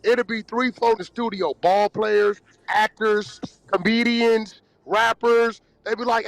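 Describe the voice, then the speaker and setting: High, gravelly man telling stories. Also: steady tone, a little slow, fairly bright tone, dry recording. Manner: slangy, storytelling, loose and conversational. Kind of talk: casual podcast chat.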